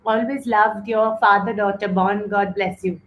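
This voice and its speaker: A woman's voice: medium pitch, fairly even intonation, measured pace, fairly bright tone, slight background noise. A middle-aged woman hosting a live online yoga class, teary and heartfelt as she talks to viewers and reads their comments. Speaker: yoga teacher and show host. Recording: roomy echo, distant mic, faint ambience.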